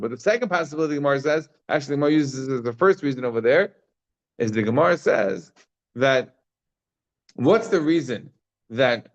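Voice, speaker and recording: A man's voice: medium pitch, dull audio. A man teaching a daily Talmud class, explaining the text informally with frequent fillers and restarts.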